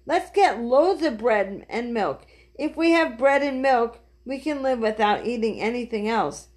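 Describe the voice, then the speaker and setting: A woman's voice: on the high side, expressive, a little slow, a little mellow. A woman reading aloud, voicing a cheerful, motherly older sister in a children's storybook.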